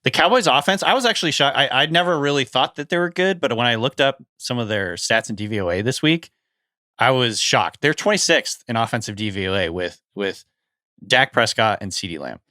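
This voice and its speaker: A man co-hosting a fantasy football podcast, animated and quick to react with stats. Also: mid-range voice, dry recording, clean studio sound. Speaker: podcast co-host. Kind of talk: casual sports podcast chat.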